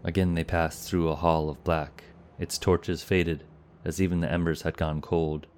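A man reading a fantasy story aloud as a narrator, in a steady, measured storytelling manner. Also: low-pitched, a little hiss or hum.

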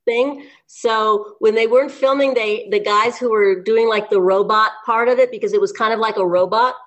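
A woman actor as a guest in a casual interview, talking in a chatty, lively way with many restarts and laughs. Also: a little high, moderate pace.

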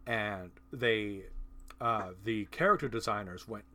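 Male host for a casual movie podcast; talks in an animated, chatty way and laughs easily. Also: lowish voice, measured pace. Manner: animated, laughing, profane asides. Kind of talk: casual film discussion.

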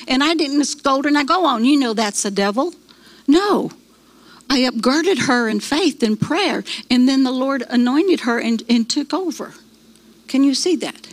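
A woman's voice: fairly high pitch, no echo, poor audio. A middle-aged woman, teaching a church prayer class in a folksy storytelling way, full of fillers and restarts.

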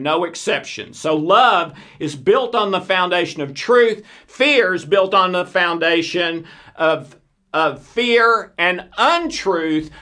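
A man's voice: high-pitched, a bit bright. A man giving an earnest faith-based teaching talk, posing rhetorical questions to his listeners. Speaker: Christian teacher.

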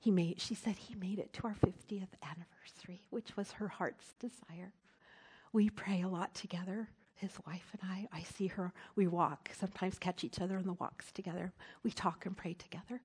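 Husky-voiced woman telling a story. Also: lowish voice, fairly even intonation, normal speed. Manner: earnest storytelling, drops to a soft hush at tender moments. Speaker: speaker at a church service. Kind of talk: storytelling sermon.

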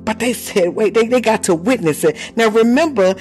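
Soft music plays behind a woman's fairly high, darkish-toned voice at a moderate pace. As prayer leader of a fervent live prayer, she preaches impassionedly and repetitively, bursts into tongues, laughs between phrases and names listeners directly.

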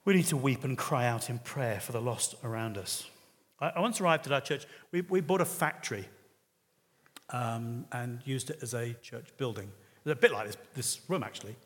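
Casting: male preacher, mid-pitched, earnest and conversational, recorded in a long-echo hall. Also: lively intonation, moderate pace, fairly bright tone. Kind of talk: sermon. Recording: reverberant hall.

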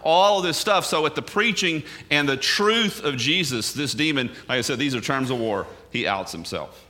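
Animated man preaching, bright voice. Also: mid-range voice, moderate pace. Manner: animated, swings loud and soft, casual asides. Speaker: bible teacher. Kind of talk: sermon.

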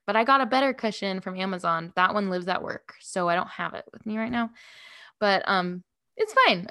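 A woman's voice: medium pitch, a bit bright, dry recording, clean studio sound. Chatty giggly woman podcast host. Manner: chatty, giggly, rambling with many fillers. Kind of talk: casual chat.

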